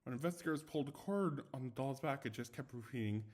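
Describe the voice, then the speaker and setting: A young man reads ghost stories quickly in a medium-pitched, darkish voice, recorded without a proper microphone. His casual delivery is chatty and self-commenting, with stumbles and restarts.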